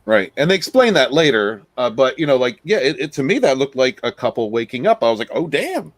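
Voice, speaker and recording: A man on a podcast panel, chatting casually and joking in an animated way. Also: mid-range voice, fast talker, no room sound.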